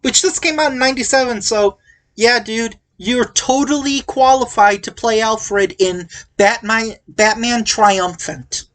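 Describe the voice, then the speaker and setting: A woman's voice: on the high side, measured pace. A woman hosting a casual podcast, recapping a movie in a rambling, jokey way full of tangents and asides. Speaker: podcast host reviewing a movie. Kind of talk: casual chat.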